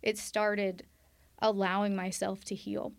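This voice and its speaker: A woman's voice: medium pitch, flat delivery, takes it slowly, vocal fry. A woman sharing a candid personal testimony on a podcast, earnest and quoting her past self aloud. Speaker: guest sharing her story.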